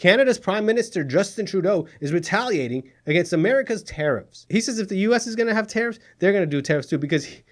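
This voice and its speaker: A man's voice: sits high, lively intonation, quick pace, hardly any pauses. A man hosting a satirical news show, sarcastic and exasperated, often laughing at his own jokes. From Middle East. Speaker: comedy news host.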